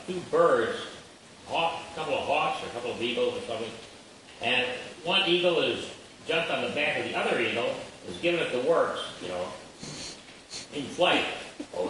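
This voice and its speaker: An older man spins a loose, self-amused yarn, laughing at his own jokes and pitching up into squeaky voices when he quotes someone. His tone rises and falls a lot. He sounds far from the mic in a very echoey space with steady background noise. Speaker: storyteller. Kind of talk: rambling comic storytelling to a live audience.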